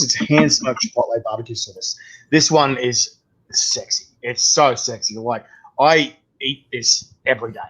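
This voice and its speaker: An Australian man hosting a casual chat; he talks in an excitable, chatty way and swears freely. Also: mid-range voice, a little hiss or hum. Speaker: host. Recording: dull lo-fi audio.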